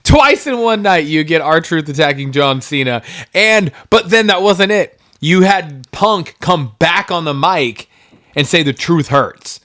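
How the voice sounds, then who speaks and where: A man co-hosting a laid-back podcast, swearing freely as he gets worked up. His voice sits a little high and rings bright and forceful. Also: measured pace. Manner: excitable, swears freely, animated retelling. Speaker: podcast co-host. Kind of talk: casual podcast chat.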